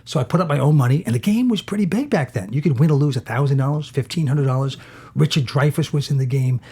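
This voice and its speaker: A middle-aged man tells anecdotes in a casual interview, his voice slightly husky. He acts out what other people said as he goes and keeps the story moving. He is from the United States. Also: a little high, fast talker, dark tone. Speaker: actor and poker player, interview guest.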